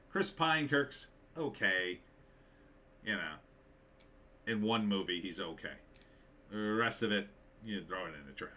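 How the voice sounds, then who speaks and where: A man hosts a casual live stream, working through viewer comments and answering each with blunt, dismissive verdicts. His voice sits fairly low but has a bright, forceful edge. He talks loosely, with lots of "uh" and "um" between his points. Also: lively intonation, unhurried, long pauses. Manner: blunt, dismissive, opinionated, many fillers. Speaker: live stream host reading chat.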